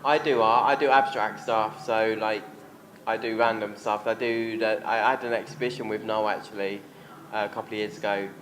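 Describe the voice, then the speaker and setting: A man's voice: lowish voice, steady tone, normal speed, fairly bright tone. A man from England chatting casually as a convention panel guest, rambling and laughing as he acts out family voices. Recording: echoey hall, noisy crowd room.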